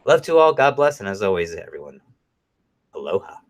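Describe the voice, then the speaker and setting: A man's voice: fairly low pitch, a little fast. Profane rambling middle-aged man. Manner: profane, rambling, animated storytelling. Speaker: podcast co-host. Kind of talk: casual rambling chat.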